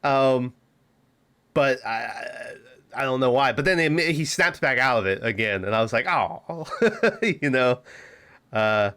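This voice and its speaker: A man's voice: mid-range voice, measured pace, bright, forceful tone, clear, resonant tone. A man co-hosting a movie podcast, casually retelling scenes with rambling restarts and frequent laughs. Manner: rambling, laughs often, acts out movie lines. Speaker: podcast co-host. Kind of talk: casual movie review chat.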